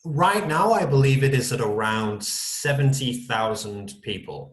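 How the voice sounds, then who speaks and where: A man's voice: medium pitch, measured pace, roomy sound. A man, teaching on a video call and answering student questions with many ums. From North-West England. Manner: hesitant, many ums and kind-ofs. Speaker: English teacher.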